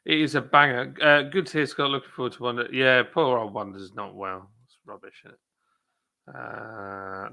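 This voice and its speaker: A man hosts a relaxed live chat, talking loosely and joking at his own expense while he greets viewers. His voice has a gravelly edge with a bright, forward tone. He rambles through his points with plenty of ums and half-finished sentences. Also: medium pitch, normal speed. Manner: chatty, self-deprecating, rambling with many fillers. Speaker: brewery livestream host. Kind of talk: casual live chat reading comments.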